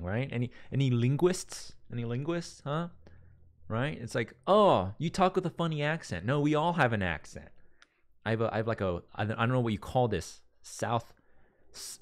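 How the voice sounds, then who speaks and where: A man from Las Vegas talks loosely with his live audience in a mid-range voice. He rambles, trips over his own sentences and starts them again, and stops to read out viewer messages. He sounds like he is talking into a streaming microphone. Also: mid-range voice. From Las Vegas, USA. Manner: rambling and self-correcting, reads viewer messages aloud. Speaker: livestream host. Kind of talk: casual chat with a live audience.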